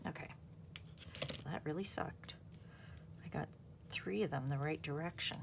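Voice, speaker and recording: A craft channel host chats casually while crafting, rambling and thinking aloud as she works. Her voice is low-pitched with vocal fry, she speaks a little slowly, and there is background noise.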